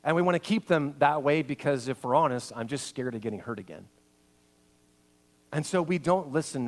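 A male pastor preaching a sermon, swinging between loud, acted-out quotes and hushed, intimate passages. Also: fairly high pitch, animated, normal speed.

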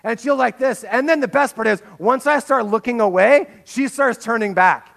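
A man preaching a sermon as pastor, telling stories with big swings between hushed and loud. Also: very high-pitched, normal speed, vocal fry.

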